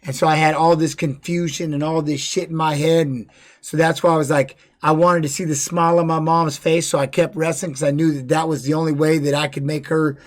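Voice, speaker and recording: Middle-aged man, fairly high voice, blunt and profane, casual livestream storyteller. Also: level tone, fairly quick. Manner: blunt, profane, with many restarts and "you know what I mean". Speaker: former fighter streaming to viewers.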